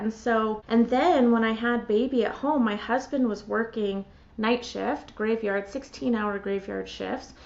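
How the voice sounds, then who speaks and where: A middle-aged woman talks in a loose, animated run, stacking fillers as one thought spills into the next. Her voice sits a little high. The sound is dull and slightly muffled. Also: vocal fry. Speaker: podcast host. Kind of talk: casual conversational storytelling. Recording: muffled lo-fi audio.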